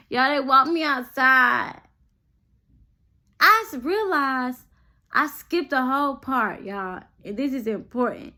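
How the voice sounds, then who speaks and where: High-voiced young woman telling a storytime. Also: takes it slowly. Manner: animated, keeps addressing her viewers. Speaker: vlogger. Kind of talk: storytime vlog.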